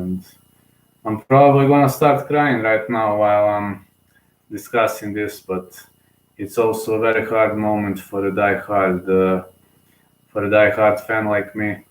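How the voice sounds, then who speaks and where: A young man with a lowish voice gives casual solo live commentary on a fight, sounding sleepy yet emotional and rambling, full of fillers and restarts. The recording is low-quality and reverberant.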